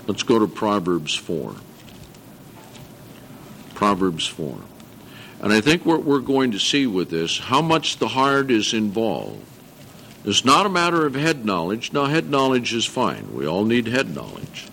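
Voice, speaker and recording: An older man preaching a sermon to a congregation, earnest, slowing down to stress scripture and correcting himself as he goes. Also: lowish voice, sing-song, creaky, a bit bright, slight background noise. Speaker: pastor.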